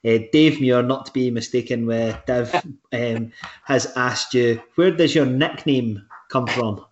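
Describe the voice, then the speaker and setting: A man hosting a podcast, reading out listener questions in a relaxed way with hesitant fillers. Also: mid-range voice, a little slow, highs cut off, slight background noise. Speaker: podcast host.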